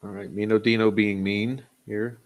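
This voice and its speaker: Guy with a lowish voice doing a chill livestream, reading chat names, rambly, lots of uh. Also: level tone, normal speed, a little mellow. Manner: loose and rambling, many fillers, chuckles. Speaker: livestream host.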